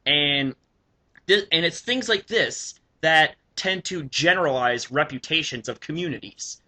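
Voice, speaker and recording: In a vlog, a young YouTuber rants indignantly over screenshots, swearing often and stumbling through fillers and restarts. His voice is a little high, bright and forceful, at a measured pace.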